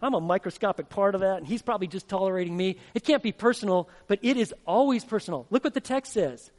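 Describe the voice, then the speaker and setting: A man's voice: high voice, quick pace, darkish tone. A man preaching a sermon as pastor, emphatic and asking the congregation questions. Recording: long hall reverb.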